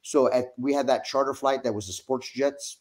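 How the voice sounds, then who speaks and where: Middle-aged male guest, lively storyteller who swears and laughs, streaming mic. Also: mid-range voice, normal speed. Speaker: wrestling guest. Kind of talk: casual storytelling.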